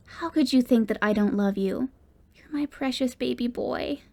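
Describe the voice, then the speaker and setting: A woman's voice: on the high side, normal speed, a little mellow, natural voice. A woman reading as a tender grieving mother. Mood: tender, pleading. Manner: pleading and tender. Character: grieving, loving middle-aged mother.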